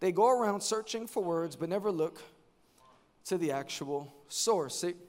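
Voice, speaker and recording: High-voiced preacher building to shouts. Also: male voice, normal speed. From New York. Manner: animated, builds to shouting, repeats words. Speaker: pastor. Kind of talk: sermon. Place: church service.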